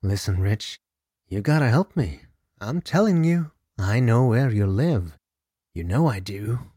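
A man voicing a desperate male gambler in debt, pleading frantically in a raised pitch. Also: lively intonation, measured pace, warm tone, breathy edge, no echo, clean studio sound. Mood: menacing.

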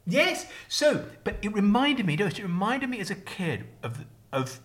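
A man's voice: sits high, big pitch swings, moderate pace, fairly bright tone. A man, co-hosting a casual chat and telling rambling comic stories. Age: 50s. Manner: rambling, comic, acts out quoted voices. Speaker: podcast co-host.

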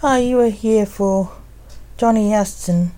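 A woman's voice: mid-range voice, unhurried, mellow, close to an everyday voice. Give me a stern grim reaper leader, dry and scolding, read out by a woman.

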